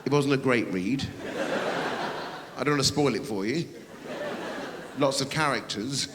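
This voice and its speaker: A man's voice: medium pitch, unhurried. A middle-aged man performing stand-up comedy on stage, playful and mocking. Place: theatre stage. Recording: echoey hall with crowd noise. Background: audience laughter.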